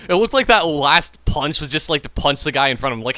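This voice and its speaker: A man's voice: a little high, expressive, a little fast, pushed and bright, no room sound. A man hosting a gaming channel, rambling and joking about beer while he plays. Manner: rambling, jokey, self-mocking; frequent trailing restarts. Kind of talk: casual gameplay commentary while drinking beer.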